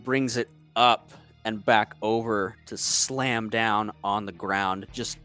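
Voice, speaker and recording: A game master narrating combat in a tabletop game, chatty and quick to laugh between rolls. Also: mid-range voice, steady tone, a bit bright, soft background music. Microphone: streaming mic.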